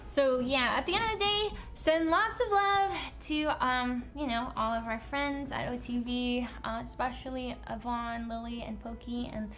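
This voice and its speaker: A woman streamer chatting softly and haltingly on a livestream. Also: fairly high pitch. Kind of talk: casual stream chat.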